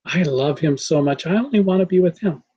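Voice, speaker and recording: A man's voice: fairly high pitch, fairly quick, mellow, slightly rough, dull audio. A man voicing a dreamy, devoted young boy, earnest and eager as he tells the story.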